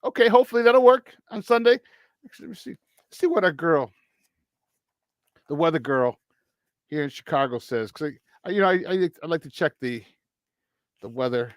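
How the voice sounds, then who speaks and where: This is a male sports talk host with a notably high voice, rattling off scores in an animated, joking way. The sound is dry and close, with no room around it. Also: normal speed, pauses often, no room sound. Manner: animated, chatty, joking, excitable. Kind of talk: morning sports talk show.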